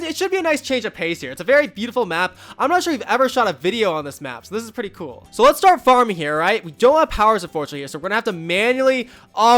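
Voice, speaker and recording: A man's voice: high voice, fairly bright tone. A young man giving casual gameplay commentary as a YouTuber, upbeat and rambling with many fillers and asides. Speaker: gaming YouTuber.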